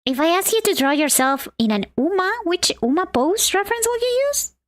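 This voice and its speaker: Woman, streamer, from Argentina, bubbly chat while drawing, bouncy lively pitch, dry close sound. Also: a little fast, no room sound. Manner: bubbly, chatty, greets and answers chat.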